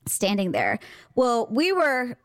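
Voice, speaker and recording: A woman's voice: on the high side, takes it slowly, no echo. Middle aged woman cohosting a chatty podcast, acts out everyone's lines, dry close sound. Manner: animated, acts out quoted dialogue. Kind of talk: casual storytelling chat.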